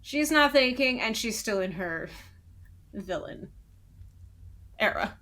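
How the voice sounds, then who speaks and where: Give me a woman co-host speaking slowly with a lively pitch, a little distant from the mic. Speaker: podcast co-host. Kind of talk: casual recap chat.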